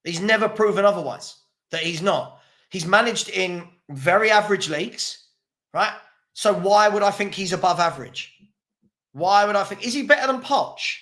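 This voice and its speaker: A high-pitched man hosts a live fan stream from a home setup, reading out viewers' comments. He fires back at them in a combative, mocking way and repeats his points for effect. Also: lively intonation, normal speed, pushed and bright. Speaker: fan channel host.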